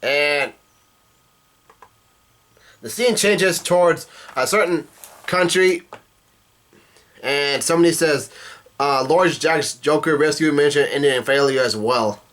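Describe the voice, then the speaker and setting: A man's voice: on the high side, slow pace, pauses often, a bit bright. A man casually reading comic dialogue aloud and breaking in with profane asides. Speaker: manga reaction youtuber.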